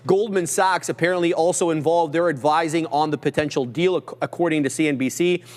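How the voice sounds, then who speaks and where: A man's voice: a little high, steady tone, big-room sound. A man hosting a casual live trading stream, reading market headlines and bantering with co-hosts. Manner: brisk, reads headlines aloud, jokes with co-hosts. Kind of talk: casual market news chat.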